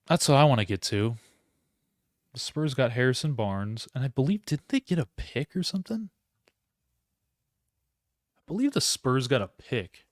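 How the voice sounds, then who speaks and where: A man's voice: medium pitch, animated, normal speed, long pauses, no echo, studio quality. A man hosting a live solo sports reaction stream, rambling, interrupting himself and talking to his chat. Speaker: podcast host.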